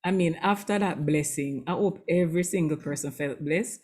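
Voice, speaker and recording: A woman emceeing a school concert online, speaking in a notably low register. She is effusive and talkative, gushing over each act. She moves from heartfelt asides into introducing the next guest. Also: normal speed, darkish tone, breathy edge. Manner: effusive, emotional and chatty.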